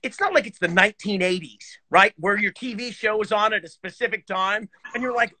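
A man on a video call chatting casually, animated and swearing, with lots of fillers. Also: extremely high pitch, a little fast, few pauses, dry recording. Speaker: guest horn player.

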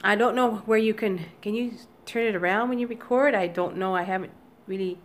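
A woman talking to her viewers in a casual daily vlog from home, emotional and teary, speaking haltingly with many restarts into a computer webcam. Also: medium pitch. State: upset and teary. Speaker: vlogger. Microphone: computer webcam recording.

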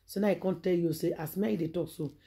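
Nigerian accent gossip vlogger, warm mellow voice, preachy dramatic storytelling, lots of rhetorical questions. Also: medium pitch, steady tone, fast.

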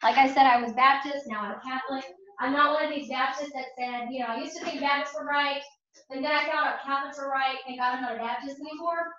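A woman with a high voice gives an earnest faith class, leaning on repetition to drive her points home. She sounds far from the microphone, in a very echoey hall. The sound is dull and muffled. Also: fast, sharp tone. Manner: earnest, personal storytelling with emphatic repetition. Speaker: catechist. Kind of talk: faith formation class talk. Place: church hall or parish classroom.

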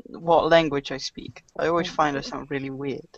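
A woman's voice: deep voice, fairly even intonation, normal speed. A woman whose first language is Dutch, chatting casually in English as a guest. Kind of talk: casual chat. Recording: dull lo-fi sound.

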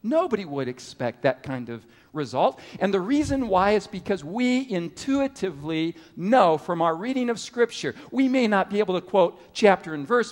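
A middle-aged male preacher with a high, very lively voice that swings up and down as he tells his story. His sermon carries a long reverb from a large meeting hall. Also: normal speed, hardly any pauses. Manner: storytelling with animated rises and drops.

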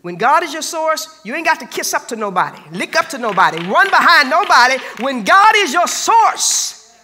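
A pastor delivers his sermon in a bright, sharp voice that swings widely up and down in pitch. He talks in an emphatic, colloquial way and hammers each point through repetition. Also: sing-song, moderate pace, long reverb tail. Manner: emphatic, colloquial, repeats phrases for stress. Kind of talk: preaching a sermon.

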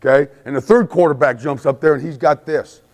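A man giving a football coaching clinic lecture, emphatic, forever checking in with his listeners and acting out shouted play calls. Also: on the high side, brisk, big-room sound.

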